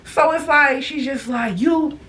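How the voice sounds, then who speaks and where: A young woman telling a story on her vlog in a loud, brash, profane and animated casual manner. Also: high voice, measured pace. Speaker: storytime vlogger.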